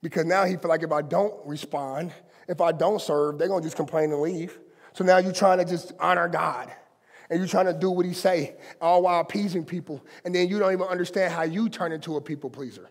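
High-voiced male pastor preaching in a reverberant sanctuary. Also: fairly quick. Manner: impassioned, conversational preaching with colloquial asides. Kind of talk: sermon. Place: church sanctuary.

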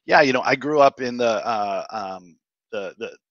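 A Boston-area man in his fifties, a guest entrepreneur, swaps jokey stories packed with punchlines in a casual interview chat. His medium-pitched voice is a bit bright and moves at a moderate pace. The recording is dry and lo-fi.

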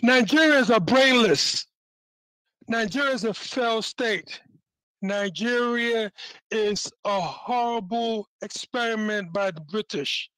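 A man's voice: high-pitched, takes it slowly, fairly bright tone, clear, resonant tone, no room sound, rough recording. A man calling in to a talk show, indignant and emphatic about politics. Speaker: caller.

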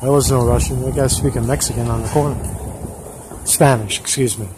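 A man's voice: medium pitch, steady tone, brisk. A man hosting a casual street-interview vlog, chatty and joking, repeating himself as he goes, and filming with a handheld camera at arm's length. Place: busy street outdoors. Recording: loud street traffic noise.

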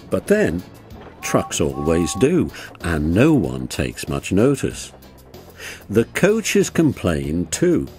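A man narrating a children's railway story in a measured, expressive way. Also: sits low.

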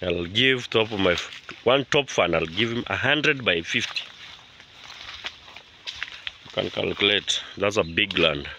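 A man vlogging outdoors on his rural land, talking to viewers in an animated, indignant way and often repeating himself. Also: low-pitched, unhurried, pauses often, a little hiss or hum. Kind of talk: casual vlog talk to viewers.

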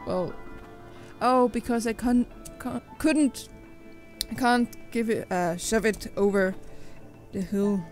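A young woman narrates her own gameplay in an excitable let's play commentary, often exclaiming and talking back to the game. Her voice sits a little high and leaps all over the place, while her pace stays slow and unhurried. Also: soft background music, poor audio. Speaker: gaming channel host.

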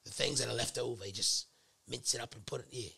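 Snooty British man lecturing Americans, put on by a man. Condescending and bright, with a lively swing in pitch. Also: takes it slowly, no echo, exaggerated voice. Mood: haughty. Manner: haughty, condescending, mock-refined. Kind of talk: comedic put-on British accent.

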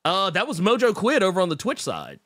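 A man's voice: high-pitched, wildly swooping pitch, a little fast, pushed and bright, no echo, clean studio sound. A man hosting a casual livestream, reading chat messages in a rambling, self-interrupting and emotional way. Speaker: podcast host reading live chat.

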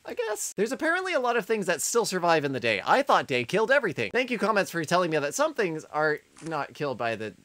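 Bubbly woman gamer rambling, swings up and down a lot, bright voice. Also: on the low side, fast, hardly any pauses, no echo. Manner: chatty and excitable, talks to the game's creatures. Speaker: gaming video host. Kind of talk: comedic let's-play commentary.

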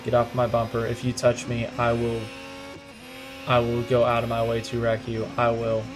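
A young man commentating his own racing game run, frustrated and ranting in quick outbursts. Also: mid-range voice, monotone, over music. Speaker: gaming commentator. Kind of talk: live gameplay commentary.

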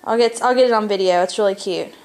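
A woman's voice: medium pitch, quick pace, darkish tone. A tired young woman and mother, chatting casually at home for a family vlog and talking sing-song to her toddler. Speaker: mother vlogging family life.

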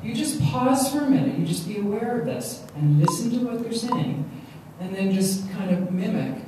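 Animated New woman in echoey hall. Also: mid-range voice, moderate pace. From Long Island, New York. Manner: animated, repeats words, acts out quotes. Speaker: stress management speaker. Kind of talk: live motivational talk. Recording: echoey hall, distant mic, faint noise.

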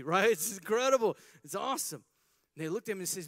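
A young man preaching a sermon, telling a Bible story with lively acted-out voices. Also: on the high side, fast talker, dry recording, clean studio sound. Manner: animated storytelling, acting out voices of biblical characters. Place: chapel service.

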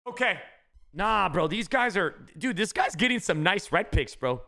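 A gaming streamer with a high, gravelly voice chats casually with his viewers at a moderate pace, saying "bro" a lot. He gets excitable and shouts whenever he pulls a big pack.

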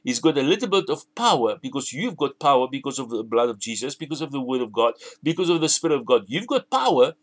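A man's voice: mid-range voice, big pitch swings, fast, hardly any pauses. A man preaching a sermon, emphatic, repeating and restarting phrases as he builds his points.

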